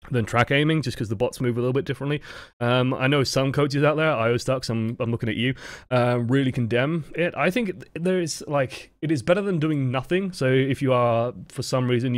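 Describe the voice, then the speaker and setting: A man coaching a player through a recorded match, relaxed and rambling with frequent fillers and self-corrections. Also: mid-range voice, dry recording, clean studio sound. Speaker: game coach. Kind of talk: casual gameplay review commentary.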